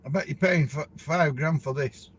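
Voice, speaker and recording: A man's voice: fairly high pitch, normal speed, slight background noise. A middle-aged man with a Yorkshire accent, a truck driver talking casually to camera in a rambling, chatty way. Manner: rambling, chatty, laughs between stories.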